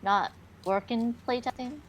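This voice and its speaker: A woman's voice: a little high, a little slow. Chatty woman hosting a stream. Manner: chatty, hesitant with fillers. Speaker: livestream host. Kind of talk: casual livestream chat.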